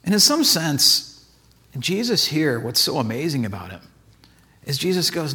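A man delivers a sermon in an easygoing, chatty way, his voice pitched high for a man and bouncing all over. He tells stories with plenty of "like" and little acted-out asides. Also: sing-song, unhurried, pauses often, bright, forceful tone. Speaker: pastor. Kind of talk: casual conversational sermon.

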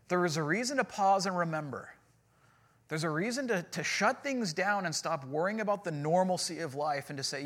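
A man in his forties delivers a sermon like a relaxed chat, telling stories on himself and poking fun at his own nerves. His voice sits a little high for a man. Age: 40s. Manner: casual, storytelling, self-deprecating humor. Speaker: pastor.

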